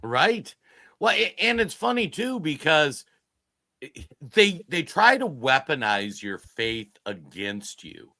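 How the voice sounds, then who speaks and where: Guy cohosting a podcast, bright punchy voice, worked up and emphatic, dry close sound. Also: fairly high pitch, very animated, slow, dry recording. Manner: emphatic, exasperated. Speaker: podcast co-host. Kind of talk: heated political podcast talk.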